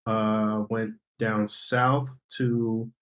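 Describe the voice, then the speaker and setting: A man co-hosting a podcast, calmly laying out his plans in relaxed casual chat. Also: lowish voice, drawn-out words, poor audio. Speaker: podcast co-host.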